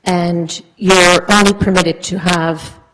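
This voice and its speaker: A woman's voice: on the low side, steady tone, slow, fairly bright tone, rough recording. A woman resident speaking earnestly at a town council meeting, explaining at length with frequent fillers. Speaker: resident speaking at public comment. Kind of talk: public comment at a council meeting.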